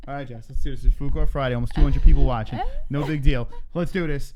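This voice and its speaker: A man's voice: medium pitch, fairly even intonation, fast talker, background noise. A man co-hosting a live-stream news show, joking crudely and out of breath. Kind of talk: casual live-stream banter.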